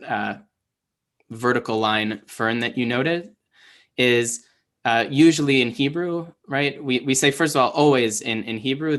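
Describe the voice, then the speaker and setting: A young man teaching Hebrew in a relaxed online lesson, explaining pronunciation with many fillers and restarts. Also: medium pitch.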